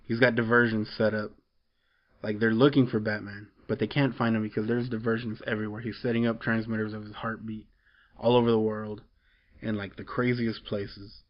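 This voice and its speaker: A man's voice: fairly low pitch, level tone, normal speed, muffled recording. A man casually recapping a comic book story, rambling along with lots of fillers and restarts.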